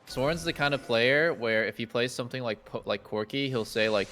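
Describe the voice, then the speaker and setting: A man giving casual, excitable commentary on an esports match at a watch party, rambling and restarting often. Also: mid-range voice, fairly quick, faint music behind. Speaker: stream co-caster.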